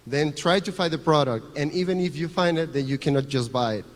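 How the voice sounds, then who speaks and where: A man's voice: fairly high pitch, a little fast. A man with a Venezuelan Spanish accent, a non-native English speaker, giving an earnest conference talk and repeating phrases as he explains. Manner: earnest, repetitive, restarts phrases while explaining. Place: large conference hall. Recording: long reverb of a conference hall.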